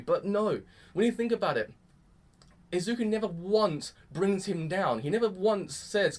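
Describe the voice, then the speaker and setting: A young man reacts casually to an anime episode, gushing with excitement and tossing in mild swearing. His voice is high-pitched and his pace brisk.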